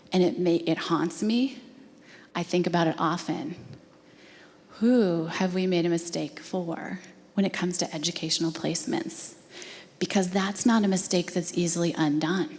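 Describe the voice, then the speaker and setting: A woman's voice: fairly low pitch, fairly even intonation, normal speed, darkish tone. A woman telling an earnest, emotional story to a live audience at an education talk. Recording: long hall reverb.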